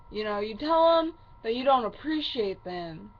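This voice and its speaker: A woman's voice: a little high, expressive, unhurried. A woman ranting angrily to camera, swearing heavily and sounding upset. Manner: heavy swearing, fiery and upset. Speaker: vlogger. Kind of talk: angry personal rant to camera. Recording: muffled lo-fi recording with faint hiss.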